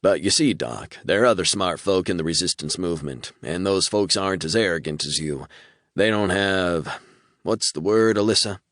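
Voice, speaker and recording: A man's voice: low voice, moderate pace, fairly bright tone, no room sound, studio quality. A male audiobook narrator voicing a cocksure male soldier captain with a Southern American drawl. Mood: taunting.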